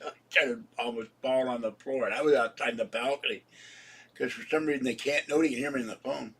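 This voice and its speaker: A man in his seventies, sick and hoarse, rambling casually to his viewers about his day and laughing at his own jokes. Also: medium pitch, a little fast, fairly bright tone, distant mic. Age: 70s. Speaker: vlogger. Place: home.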